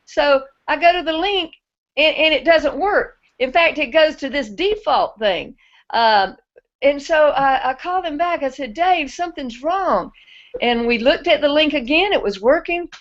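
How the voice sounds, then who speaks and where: A woman with a fairly high voice hosts a group video chat. She talks in a relaxed, chatty way. The audio sounds a little muffled. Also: moderate pace. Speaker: host. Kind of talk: casual chat. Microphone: video call.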